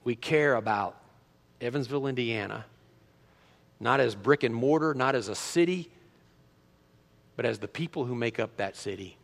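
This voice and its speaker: A middle-aged man pastor preaching a sermon in a church, animated, full of rhetorical questions and restarts. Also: medium pitch, moderate pace, gravelly, long pauses, in a large hall. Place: church sanctuary.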